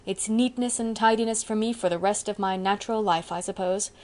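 A woman's voice: mid-range voice, brisk, a little mellow, lightly acted. A woman voicing a grumbling, sheepish older male farmer in an audiobook, talking in a rueful, folksy way. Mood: doleful.

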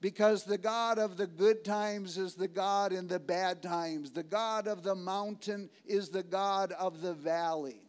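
A man preaching a sermon as pastor, emphatic, repeating phrases and slowing on key words, swinging between loud and hushed. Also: sits high, steady tone.

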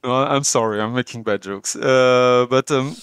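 A man with a French accent co-hosting a casual livestream chat, pausing often with fillers in English, his second language. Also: mid-range voice, fairly even intonation, a bit bright, smooth, no echo. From France. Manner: hesitant, many fillers, chuckles often. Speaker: co-host.

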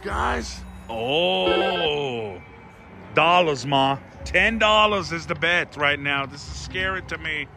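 A man's voice: a little high, measured pace, few pauses, music in the background. A man giving casual live commentary while gambling at a casino slot machine, talking to his viewers in a dramatic, theatrical way.

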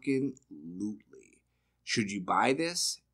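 A man's voice: fairly low pitch, sing-song, a little slow, fairly bright tone. A man from Massachusetts hosting a casual podcast chat, blunt and profane, firing off rhetorical questions. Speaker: podcast host.

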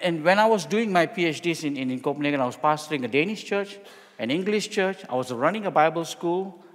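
Joking pastor in a reverberant church hall. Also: male voice, medium pitch, fairly bright tone. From Singapore. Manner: jokey storytelling, many restarts. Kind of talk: sermon with personal story.

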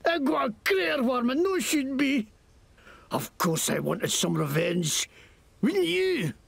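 A foul-mouthed Scottish shopkeeper and small-time crook in a video game. His gravelly voice leaps up and down as he rants. The sound is dry and close. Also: extremely high pitch, sing-song, slow pace, fairly bright tone, no echo, full character voice. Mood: ranting. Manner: swearing, ranting against the law.

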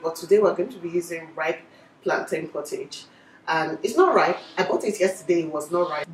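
A woman's voice: on the low side, darkish tone, reverberant, far from the mic, a little hiss or hum, poor audio. A young Nigerian woman chatting casually as a cooking vlogger, laughing easily as she talks. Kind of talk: casual vlog chat. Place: home kitchen.

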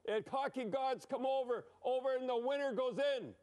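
A man's voice: extremely high pitch, normal speed, a little mellow. An older man giving blunt, emphatic, rambling hockey commentary over replays, dropping frequent "eh?".

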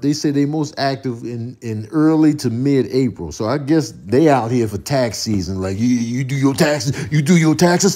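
Animated, husky male comic, rapid absurd riffs, big pitch swings. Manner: playful, rapid absurd riffing in slang. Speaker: comedian commentator. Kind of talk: comedic voiceover commentary.

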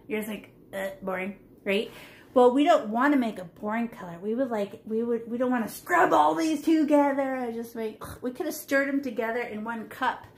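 An art teacher leads a live online painting class for kids from a room at home, speaking through her laptop mic on a video call. Her voice is a little high and moves at normal speed, sounding reverberant as she playfully chats the children through every step.

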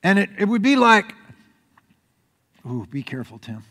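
A man preaching a sermon as pastor, telling the story in an animated way. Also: sits high, moderate pace. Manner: animated storytelling preacher, acts out crowd shouts. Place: church sanctuary. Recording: reverberant church hall.

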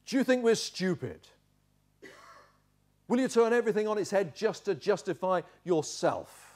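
A preacher putting on an indignant, scolding accuser. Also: male voice, high-pitched, very animated, normal speed, pitched above the performer's own voice. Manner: exasperated, mocking, rising to shouting.

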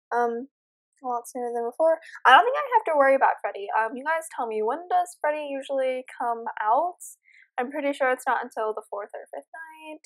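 A young woman nervously commenting as she plays a horror game, chatting to her viewers. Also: high-pitched. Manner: nervous, jumpy, talks to viewers. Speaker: gamer.

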